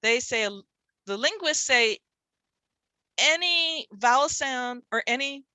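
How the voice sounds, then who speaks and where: A woman's voice: high-pitched, lively intonation, slow, bright, forceful tone, dry recording, rough recording. A middle-aged woman leading a teaching workshop, explaining in a conversational way with rhetorical questions. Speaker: literacy teacher trainer.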